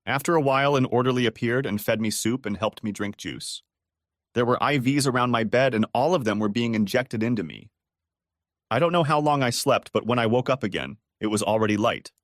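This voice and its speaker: A man narrating a dramatic first-person story in an expressive, scripted way. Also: lowish voice, fairly quick, dry recording, clean studio sound.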